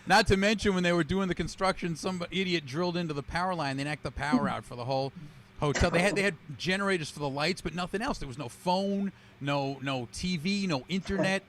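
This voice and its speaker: Wisecracking guy doing standup on a zoom call, bit high voice, noisy audio. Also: a little fast, fairly bright tone. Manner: wisecracking, self-deprecating. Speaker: stand-up comedian. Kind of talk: stand-up routine. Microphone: video call.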